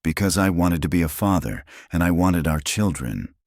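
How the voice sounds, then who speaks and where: A man's voice: low-pitched, animated, normal speed, darkish tone, no echo, clean studio sound. A man voicing a remorseful, pleading ex-husband. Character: remorseful divorced man, desperate to make amends.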